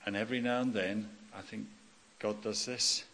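Middle-aged male pastor, low-pitched, emphatic sermon delivery, long hall echo. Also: steady tone, moderate pace, fairly bright tone, slight background noise. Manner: personal testimony, emphatic repetition, frequent "okay?". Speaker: preacher.

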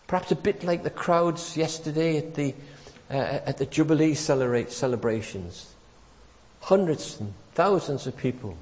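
A man preaching a sermon, telling a story with lively emphasis and acting out the quoted lines. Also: on the high side, normal speed. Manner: animated storytelling, acts out quotes, chuckles warmly. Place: church. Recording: church hall with long reverb.

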